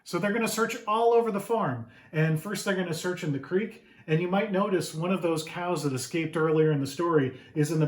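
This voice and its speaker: A man reading his own picture book to children in an animated read-aloud, pausing to ask them questions. His voice sits a little high for a man. A roomy echo surrounds the recording.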